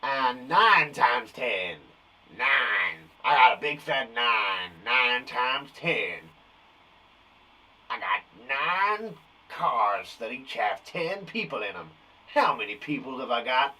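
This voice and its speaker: A man putting on a gruff drawling character. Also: medium pitch, big pitch swings, very slow, pushed and bright, far from the mic, voice pushed down, heavily acted. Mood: teasing. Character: gruff male character with an odd accent.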